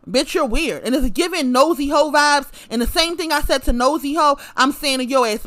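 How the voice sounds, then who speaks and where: A woman's voice: high-pitched, normal speed, fairly bright tone. A woman delivering a profane, confrontational rant straight to camera, repeating her lines for emphasis. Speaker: vlogger.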